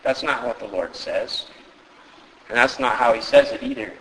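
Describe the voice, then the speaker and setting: A man's voice: mid-range voice, moderate pace, fairly bright tone. A male pastor preaching a sermon, earnest and emphatic, with rhetorical questions. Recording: echoey hall with long reverb.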